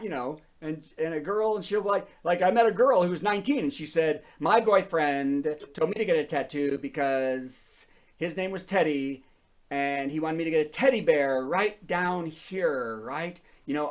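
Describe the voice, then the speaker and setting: A man hosting a comedy show over a video call, telling topical jokes and laughing at his own bits. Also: on the high side.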